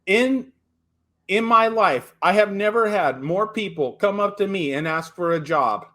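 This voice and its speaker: A man's voice: sits high, expressive, measured pace, pushed and bright. A man calling in to a talk show, ranting emphatically with stumbling restarts and blunt profanity. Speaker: caller. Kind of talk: call-in radio chat.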